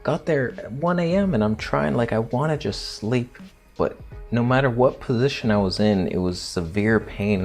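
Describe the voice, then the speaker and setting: A young man casually telling a story to camera, crude and joking, dropping into quiet theatrical asides. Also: medium pitch, normal speed, soft background music. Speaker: vlogger.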